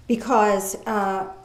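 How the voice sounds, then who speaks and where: A woman preaching a sermon in a lively, folksy way, reading scripture aloud slowly and commenting with casual asides. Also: mid-range voice. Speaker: pastor. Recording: echoey room.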